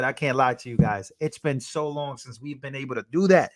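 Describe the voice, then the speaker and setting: A man's voice: mid-range voice, brisk, few pauses. A young man hosting a live stream, chatting casually, reading out chat messages and thanking donors.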